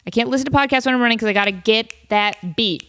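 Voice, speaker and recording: A woman's voice: on the high side, fast, a bit bright, clean tone. A woman hosting a casual solo podcast from home, chatty and self-deprecating, with a cold. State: has a cold, sniffly. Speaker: podcast host.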